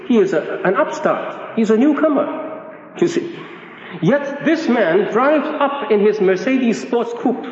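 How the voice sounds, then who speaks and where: A man's voice: high voice, a little mellow, a little hiss or hum. A man preaching a sermon in a conversational, emphatic way, repeating key phrases. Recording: echoey hall, dull sound.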